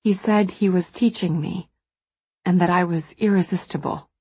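A woman voicing a wounded, defiant woman confessing quietly, in an audiobook. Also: lowish voice, normal speed, husky, no room sound. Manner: quiet, steely.

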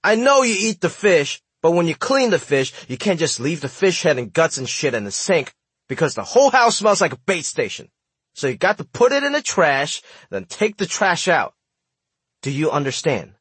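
A man voicing his big American roommate, lecturing in frustration and speaking higher than his own voice. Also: very animated, moderate pace, fairly bright tone, breathy edge, no echo, exaggerated voice. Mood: exasperated. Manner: exasperated, lecturing.

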